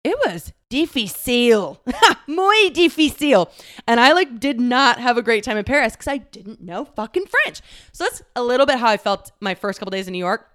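A young woman with a clear, smooth voice sits a little high and tells a personal story in a candid, emotional way. She laughs often and swears casually, and she sounds close to tears. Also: lively intonation, fairly quick, a bit bright.

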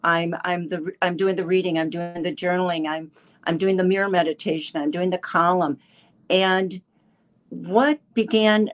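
A woman in her seventies giving a halting personal testimony with many restarts, a little emotional. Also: on the low side. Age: 70s. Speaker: caller sharing a testimonial.

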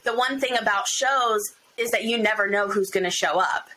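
A young woman guest on a podcast, chatting in a loose, rambling way with plenty of "like" thrown in. Her voice is bright and forward, with a faint hiss underneath. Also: medium pitch, moderate pace, poor audio. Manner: chatty, lots of "like" fillers. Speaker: podcast guest, bikini competitor. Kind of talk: casual chat.

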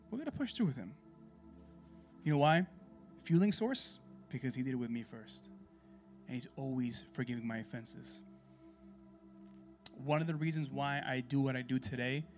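A man leading a church Bible class in a casual, sermon-style way, animated and conversational, full of rhetorical questions. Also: medium pitch.

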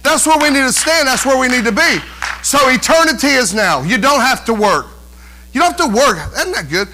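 High bright-voiced preaching pastor. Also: male voice, animated, brisk, poor audio. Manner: emphatic preaching with rhetorical questions. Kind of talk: sermon. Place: church.

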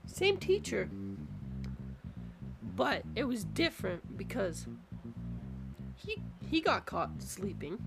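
Gravelly, slow, lively-pitched young speaker. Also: over music. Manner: rambling, hesitant storyteller. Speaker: podcast co-host. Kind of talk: casual chat.

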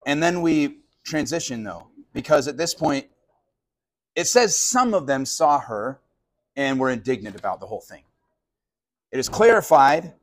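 A man preaching a conversational sermon as a pastor, animated and casual, sometimes acting out voices of the people he talks about. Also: mid-range voice. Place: live sermon at a college venue.

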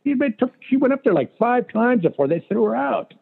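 Brief: raspy-voiced comic guest, lively swooping delivery, tinny phone-line sound. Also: male voice, very high voice, fairly quick. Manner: animated, profane anecdotes. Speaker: guest, stand-up comedian. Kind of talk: casual storytelling chat.

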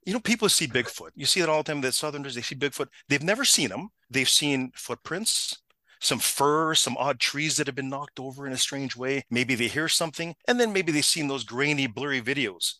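A middle-aged man spins a funny story in casual chat, his voice bright and forceful. He is animated and laughs often, acting out the people he talks about. The sound is dry and close. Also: medium pitch, fairly quick, no room sound.

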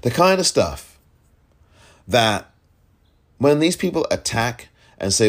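A man's voice: fairly high pitch, sing-song, a little slow, breathy edge. A man hosting a solo political podcast, talking in an emphatic, exasperated way and repeating points for stress. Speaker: podcast host.

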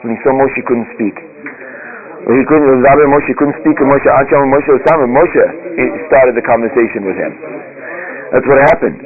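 A man teaching a religious text class, reading passages aloud and translating them line by line in a halting, repetitive way. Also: mid-range voice. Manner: halting, repeats words while translating aloud. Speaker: Torah teacher. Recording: phone-like radio broadcast.

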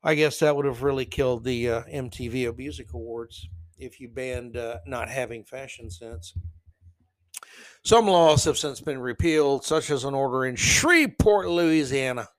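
A man's voice: medium pitch, moderate pace, dry recording. A man hosting a solo podcast, reading news stories aloud and mocking them with sarcastic asides. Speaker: podcast host.

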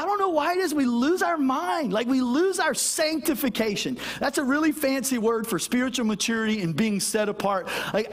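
A middle-aged man delivers a sermon as pastor, his voice sitting unusually high for a man. He tells animated stories and pokes fun at himself along the way. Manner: animated storytelling with self-deprecating humor.

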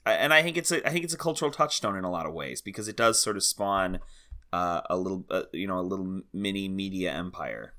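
A podcast co-host chats casually about a film in a low-pitched, animated voice that's quick, pushed, and bright. He sounds hesitant, with many fillers and restarts, and laughs easily.

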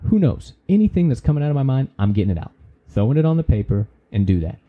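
A man's voice: mid-range voice, very animated, quick pace, phone-quality sound. A man hosting a podcast, giving a casual, preachy motivational talk with folksy slang and the odd swear word. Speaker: podcast host.

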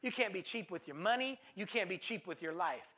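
A man's voice: sits high, lively intonation, fairly quick, bright, forceful tone. A man preaching a sermon as pastor, emphatic, repeating phrases for stress and calling out to the congregation. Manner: calls to the congregation.

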